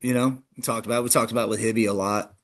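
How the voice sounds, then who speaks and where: A man who coaches track and field, answering interview questions in a loose, conversational way, often restarting his sentences. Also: fast. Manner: animated, frequent restarts, jumps in pitch when emphatic.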